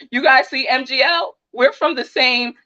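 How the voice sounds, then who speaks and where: A middle-aged woman with a New Jersey accent hosting a true crime livestream, talking loudly, fast and passionately in casual chat. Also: high voice, dry recording. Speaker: true crime YouTube channel host. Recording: slightly dull dry recording.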